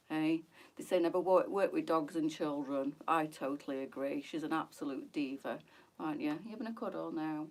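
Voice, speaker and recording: A chatty British woman hosting a relaxed live stream, rambling from one tangent to the next. She sits a little back from the mic, so her voice sounds slightly distant. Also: sits low, normal speed. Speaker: boutique live-stream host. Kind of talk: casual live-stream chat.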